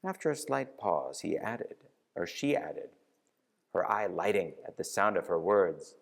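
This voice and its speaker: A man leading a novena and reading a novel aloud in a church, in an expressive, unhurried way. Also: sits low, vocal fry. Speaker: parish reader leading a novena. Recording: reverberant church hall.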